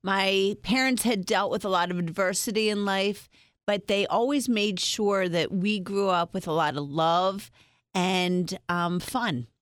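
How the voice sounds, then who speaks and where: A woman's voice: medium pitch, unhurried, no room sound, clean studio sound. A middle-aged woman guest telling personal stories in an interview, frank and upbeat, using humor. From Springfield, United States.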